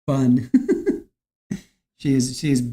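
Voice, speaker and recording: Chatty livestream host, mellow voice. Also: medium pitch, slow pace, husky. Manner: relaxed, chatty, chuckles between comments. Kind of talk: casual chat reading viewer comments.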